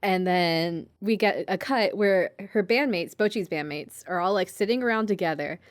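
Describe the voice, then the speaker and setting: A woman's voice: lowish voice, moderate pace. A woman co-hosting a podcast, giving a chatty, filler-heavy recap with frequent giggles. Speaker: podcast co-host. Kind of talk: casual anime recap.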